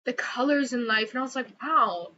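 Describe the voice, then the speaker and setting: A woman's voice: a little high, fairly even intonation, fast, sharp tone, dull audio, a little hiss or hum. A young woman vlogging an angry, swearing rant, repeating herself as she builds up heat. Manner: heated, swearing, repeats words.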